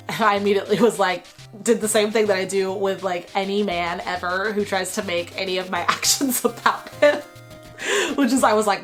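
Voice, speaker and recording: A woman's voice: mid-range voice, brisk, soft background music. Chatty young woman from Texas, sick voice. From Texas, USA. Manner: chatty, animated retelling with frequent 'like' and laughs. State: voice worn from a cold. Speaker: vlogger. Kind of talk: casual storytime.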